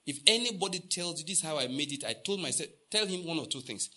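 Husky, lively Nigerian preacher man. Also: a little high, fast. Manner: storytelling, acts out dialogue, repeats for emphasis, asks the congregation questions. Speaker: pastor. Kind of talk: sermon.

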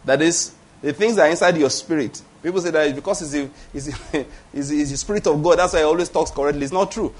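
A Nigerian pastor in his fifties preaches with emphasis. His voice sits a little high for a man, and he repeats his key points and keeps asking the congregation whether they follow. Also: quick pace, slightly rough. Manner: emphatic, repeats key phrases, asks the congregation "All right?". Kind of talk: sermon.

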